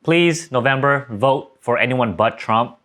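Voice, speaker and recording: A man's voice: medium pitch, measured pace, a bit bright. A young man vlogging, rambling off the cuff in a casual, profane rant to camera.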